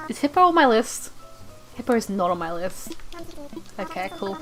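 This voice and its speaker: A young woman streaming a game, chatting casually in an excitable, rambling way, often stammering and repeating herself. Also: medium pitch, normal speed, pauses often, faint music behind. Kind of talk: casual live-stream chat while gaming.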